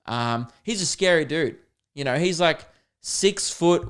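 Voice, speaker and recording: A young man hosting a podcast, telling a comedic story in a casual, animated, self-deprecating way, with plenty of swearing. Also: a little high, unhurried, smooth. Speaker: podcast host.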